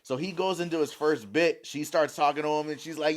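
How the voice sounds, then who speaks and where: A male co-host in a loose podcast chat who tells stories with profanity and cuts in with quick remarks. His voice sits somewhat higher than most men's. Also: steady tone. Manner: profane storyteller with quick interjections.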